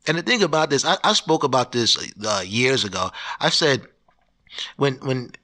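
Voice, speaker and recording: A man's voice: mid-range voice, sing-song, normal speed, pushed and bright. A man hosting his own podcast, ranting in a loose, profane, rambling way with many restarts. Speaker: podcast host. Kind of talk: solo podcast rant.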